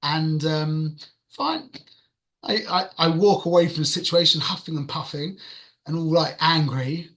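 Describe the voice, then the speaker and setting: Bright-voiced London man telling a story. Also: fairly high pitch, moderate pace. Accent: London English. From London, England. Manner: animated, conversational, jumps between loud and hushed. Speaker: religious teacher. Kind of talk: storytelling talk to an audience.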